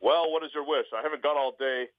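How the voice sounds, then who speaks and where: A man's voice: a little high, quick pace, dry recording, voice pushed up, natural voice. A man voicing a cranky, impatient male genie in a joke, talking brusquely over a phone line.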